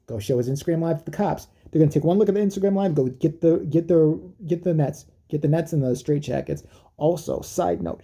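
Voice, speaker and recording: A man's voice: a little high, mellow, breathy edge. A man delivering a rambling, profane comedic rant, mocking as he goes. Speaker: comedic commentator.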